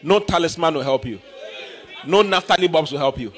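A man preaching a sermon, emphatic and repetitive, breaking into shouts. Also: fairly high pitch, animated, a little fast, some chatter behind.

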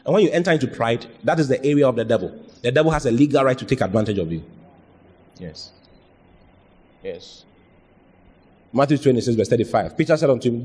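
A man's voice: mid-range voice, animated, fast, a little mellow, husky. A man preaching a sermon, emphatic and repetitive, often checking in with the congregation with questions. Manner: emphatic, repeats phrases, asks the congregation questions. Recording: reverberant hall.

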